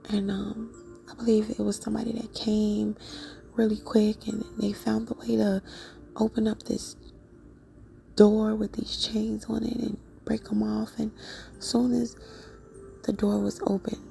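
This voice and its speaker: Woman whispering, dark and gravelly. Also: medium pitch. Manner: soft unvoiced whisper, many fillers. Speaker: vlogger. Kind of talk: whispered dream retelling.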